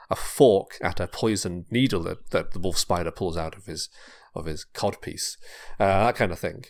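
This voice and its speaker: A man on a podcast, casually narrating a pitched story, rambling and repeating words. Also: gravelly. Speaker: podcast host.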